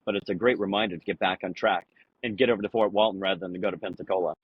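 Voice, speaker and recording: A man in a casual podcast conversation, rambling through anecdotes with lots of "you know" and acting out quoted lines in a higher voice. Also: fairly even intonation, rapid-fire, breathy edge, narrow, tinny audio. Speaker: podcast guest.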